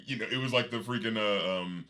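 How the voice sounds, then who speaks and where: A man's voice: on the low side, a little fast, pushed and bright. A man co-hosting a casual movie review chat, recapping the plot in a rambling way full of asides. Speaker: podcast co-host.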